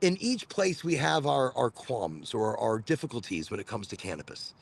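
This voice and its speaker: A man's voice: medium pitch, lively intonation, moderate pace, creaky, breathy edge. A man hosting a live cannabis podcast, chatting casually and rambling, often repeating words as he tells stories. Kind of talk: casual livestream chat. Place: Florida.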